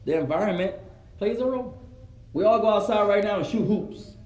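A high, mellow male voice, teaching an animated religious lesson to a seated audience. He acts out quoted voices and drops in Arabic phrases. The room gives the voice a roomy echo. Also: a little fast. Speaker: Islamic teacher. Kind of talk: religious lesson to a live gathering.

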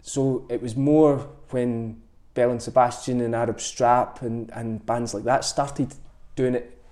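A man's voice: medium pitch, fairly even intonation, unhurried, mellow. A Scottish man speaking as a podcast guest, thoughtful and reflective, often restarting his sentences. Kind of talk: reflective conversation.

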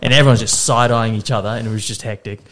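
Laughing, swearing Australian dad telling a story. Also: male voice, mid-range voice, steady tone, quick pace, fairly bright tone. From Queensland, Australia. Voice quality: swears freely, laughs through his stories. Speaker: podcast co-host. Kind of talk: casual storytelling chat.

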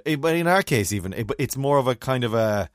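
A middle-aged man talking casually on a podcast, with a middle-pitched voice that keeps stalling on repeated words while he hunts for the right one. He is recorded close and dry, with no echo. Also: animated, fast talker. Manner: hesitant, restarts often, searches for words. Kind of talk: casual chat.

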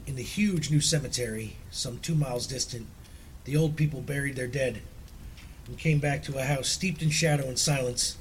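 A man with a somewhat high voice reading a spooky tale aloud, slow and solemn, with a faint hum behind him. He narrates steadily, letting each phrase land. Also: poor audio. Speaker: storyteller. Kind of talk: dramatic reading of a horror story.

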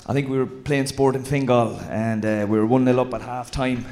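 A man's voice: mid-range voice, fairly even intonation, brisk. A man, a former footballer, telling swearing, laughing anecdotes in casual chat. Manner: swearing, laughing anecdotes, mimicking a shouting manager.

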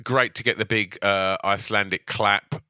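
A man co-hosting a podcast, talking casually in a halting way with many ums and some dry teasing. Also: fairly low pitch, steady tone, bright, forceful tone, clean tone, dry recording. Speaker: podcast co-host. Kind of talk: casual chat.

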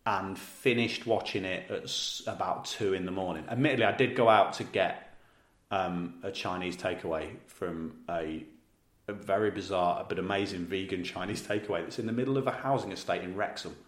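A man's voice: deep voice, normal speed. Roomy-sounding East Midlands man storytelling. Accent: East Midlands English. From Leicester, England. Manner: animated anecdote-telling with frequent laughs and swearing. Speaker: podcast co-host. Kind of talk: casual storytelling chat.

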